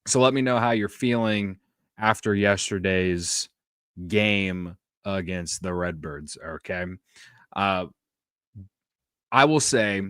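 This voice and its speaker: Bright, rambling young man hosting a podcast. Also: on the low side, no echo, studio quality. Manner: animated, self-mocking, rambling with restarts. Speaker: podcast host. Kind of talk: casual sports podcast rant.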